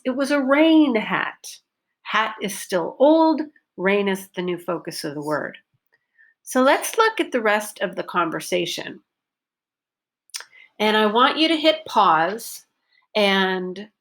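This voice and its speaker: Pronunciation teacher, woman, mid-pitched and slow, deliberate model readings. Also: a bit bright. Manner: slow, deliberate, exaggerated stress on model sentences. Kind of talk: recorded language lesson.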